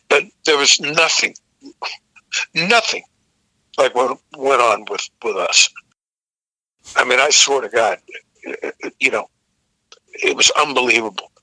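An older man, a veteran rock vocalist, relaxed and rambling through tour stories. His voice is very bright and forward. It sits close and dry on the mic. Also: medium pitch, no room sound, low-quality recording. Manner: rambling anecdotal, frequent restarts, profane. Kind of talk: casual storytelling interview.

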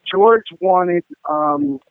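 Guest man, rambling and profane, slightly high voice, dry tinny phone-line sound. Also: expressive, very slow, gravelly, no echo. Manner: rambling, profane, many fillers. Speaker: guest rock musician. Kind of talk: casual interview storytelling.

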